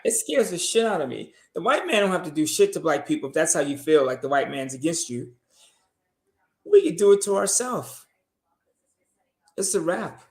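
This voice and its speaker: Animated high-voiced man in a roomy room. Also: gravelly. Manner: animated, preachy, swears freely. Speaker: podcast co-host. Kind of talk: casual opinionated talk.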